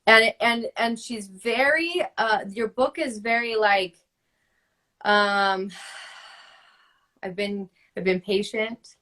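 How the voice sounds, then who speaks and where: A woman in her thirties, a book-writing coach hosting a spiritual coaching conversation, works with a guest over video call. Her mid-range voice is bright and forceful, stretching words and pausing often, and she's passionate and emphatic, saying "like" a lot.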